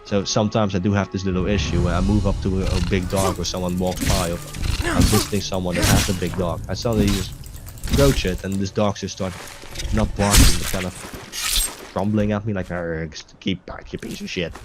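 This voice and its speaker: A young man with a low, deep voice talks over his gameplay in loose, rambling bursts, swearing freely and restarting his sentences. Game music plays clearly underneath him. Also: little pitch movement, brisk. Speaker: gaming video host. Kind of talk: casual chat over gameplay. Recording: music playing clearly behind voice.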